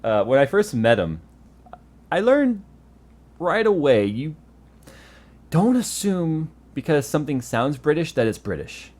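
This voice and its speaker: A man's voice: fairly high pitch, measured pace, pauses often. A man from the United States hosting a casual tech podcast, telling stories with lots of laughing and swearing. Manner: animated storyteller, swears and laughs freely. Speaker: tech show host.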